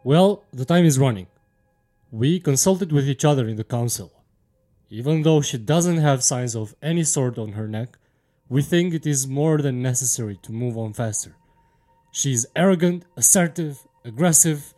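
A man's voice: medium pitch, animated, normal speed, dark tone, close to an everyday voice. A man playing a church council father who speaks solemnly and with authority in an audio drama. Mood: grave. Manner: solemn, commanding.

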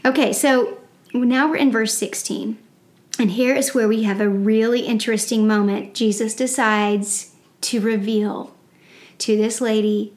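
Woman podcast host for Bible study, bright higher voice, earnest and exclamatory. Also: steady tone, a little slow. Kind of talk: Bible study discussion and scripture reading. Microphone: podcast microphone.

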